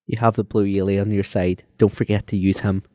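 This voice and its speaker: A man with an Irish accent co-hosting a podcast, spinning an improvised story with lots of swearing, laughter and quick put-on voices for the characters. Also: flat delivery, warm tone, dry recording, studio quality. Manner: swearing, laughing, acting out quotes in high silly voices. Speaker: podcast co-host. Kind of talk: casual chat, improvised storytelling.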